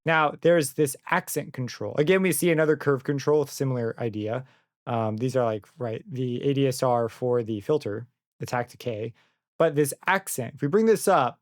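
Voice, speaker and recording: A young man walking through a software synth plugin in a casual tutorial, thinking aloud and correcting himself as he goes. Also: mid-range voice, moderate pace, no echo. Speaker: plugin reviewer. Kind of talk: screen-recorded software tutorial. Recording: dry close mic with synth music under it.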